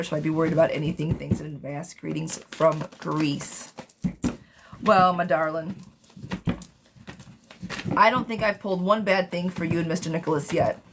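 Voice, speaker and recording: Low-voiced woman reading tarot live. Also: background noise. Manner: chatty, affectionate, calls viewers darling and sweetheart. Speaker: tarot reader.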